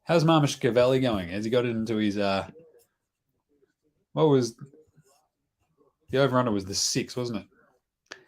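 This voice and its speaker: A man's voice: medium pitch, moderate pace, pauses often, a little mellow. An Australian man hosting a casual live stream about a basketball game, joking and chatty as he talks to his baby. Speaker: host.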